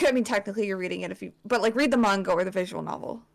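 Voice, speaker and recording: Racing along with vocal fry at a medium pitch, a young woman talks friends through a slideshow in a loose, chatty way. Swearing is frequent, and likes and ums fill the gaps.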